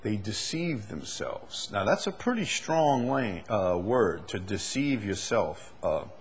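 A man preaching an expository sermon, moving from measured explanation to loud, emphatic passages. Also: lowish voice, big pitch swings.

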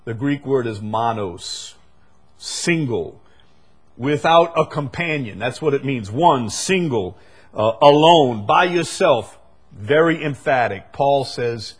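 A man preaching a sermon, emphatic, rising to loud peaks and dropping to quiet asides. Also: mid-range voice, lively intonation, slow, slightly rough.

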